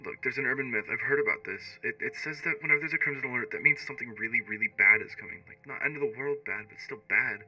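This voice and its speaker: A frightened young woman on the phone, played by a man raising his voice. She stammers and rushes her words, her tone bright and sharp with nerves. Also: mid-range voice, soft background music, pitched above the performer's own voice, rough recording. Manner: stammering, breathless, scared.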